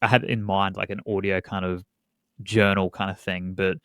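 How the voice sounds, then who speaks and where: A man's voice: deep voice, little pitch movement, normal speed, a bit bright, clean tone, no room sound. A young man, a podcast host appearing as a guest, talks casually and hesitantly with a lot of fillers. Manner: hesitant, many fillers, agreeable. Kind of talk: casual interview chat.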